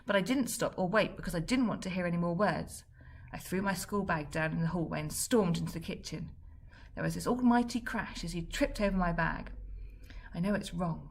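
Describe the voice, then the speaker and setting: Brief: woman storybook reader, low, raspy and gravelly, wry delivery. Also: slight background noise. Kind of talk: children's book reading.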